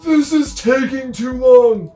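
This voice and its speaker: A man voicing a brash, threatening male snowball bully who shouts his lines. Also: very high voice, slow pace, echoey room, soft background music, voice pushed up. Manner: shouting, loud.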